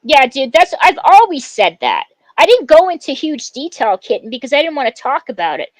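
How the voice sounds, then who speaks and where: Fairly quick and very animated, a high-voiced woman tears into a rival on her livestream, cursing constantly and tripping over fillers and restarts. There's no echo, but the audio is poor.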